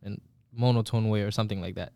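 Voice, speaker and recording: Smooth-voiced man joking on a podcast. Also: lowish voice, steady tone, quick pace, darkish tone, no room sound. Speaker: podcast guest. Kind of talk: casual podcast chat.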